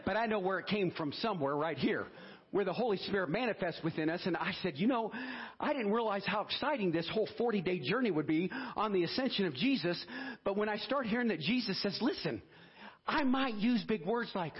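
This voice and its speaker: A man in his fifties, a pastor preaching a lively sermon that moves between joking asides and earnest appeals. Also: high voice, moderate pace, husky, muffled recording. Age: 50s. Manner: lively, switches between singing, joking and hushed prayer. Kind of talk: sermon with singing and prayer.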